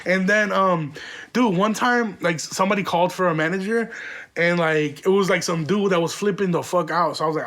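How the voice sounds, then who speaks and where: A young man hosts a podcast, rambling through a profane story in a casual way and laughing often. His voice is high-pitched, brisk and a bit bright.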